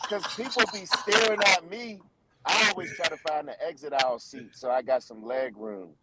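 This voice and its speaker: A man's voice: on the high side, normal speed, very noisy. A man co-hosting a podcast, reacting expressively and laughing in casual slang. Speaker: podcast co-host. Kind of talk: casual chat.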